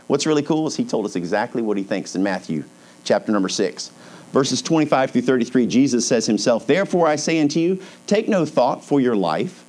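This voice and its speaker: A pastor preaching a sermon in a casual, conversational way, his voice sitting a little high for a man. He slows down to read scripture aloud and drops his voice low and soft when he speaks God's words.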